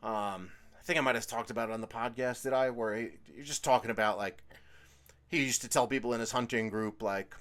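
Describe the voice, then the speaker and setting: A man's voice: medium pitch, a little fast, a bit bright. A man hosting his own show, telling a long, rambling story in casual chat full of swearing. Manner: profane, chatty storytelling. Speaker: host. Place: indoors at home.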